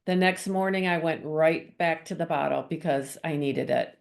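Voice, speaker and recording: A woman's voice: on the low side, little pitch movement, normal speed, vocal fry, hardly any pauses. A middle-aged woman giving an earnest personal testimony, acting out her past thoughts and conversations as she tells the story. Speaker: guest sharing her testimony.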